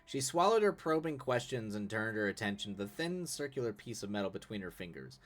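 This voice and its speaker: A man's voice: on the low side, very animated, fairly quick, fairly bright tone. A man streaming live, reading a story aloud with casual asides, laughing and correcting his own slips. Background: faint music.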